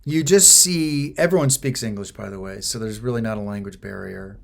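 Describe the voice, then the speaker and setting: A man's voice: lowish voice, normal speed, gravelly. A man co-hosting a podcast, telling a travel story in casual chat and checking often that his co-host agrees. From United States.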